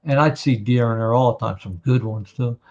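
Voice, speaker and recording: Fairly quick and darkish in tone, a medium-pitched man in his fifties from New Jersey hosts a laid-back podcast chat. He recounts a long hunting story, voicing what others said, in a dull lo-fi recording.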